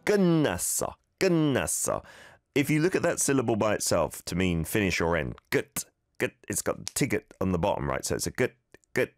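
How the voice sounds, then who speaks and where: A man hosting a casual radio language lesson from a studio, animated as he corrects pronunciation with repeated examples. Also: low-pitched, quick pace, dry recording. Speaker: radio host teaching Korean.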